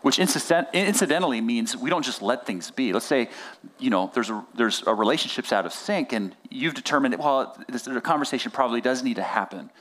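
A man preaching a sermon as pastor, conversational and animated, often acting out quoted dialogue. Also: medium pitch, fairly quick.

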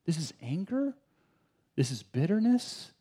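A man preaching a sermon in a conversational, animated way, with rhetorical questions and frequent restarts. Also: a little high, unhurried, breathy edge. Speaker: pastor.

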